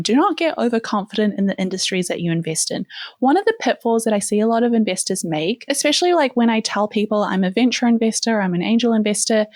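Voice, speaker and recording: Playful, chatty female host with a New Zealand accent, voice a bit high, dry recording. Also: dry recording. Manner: chatty, playful, many "like" fillers. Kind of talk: casual chat.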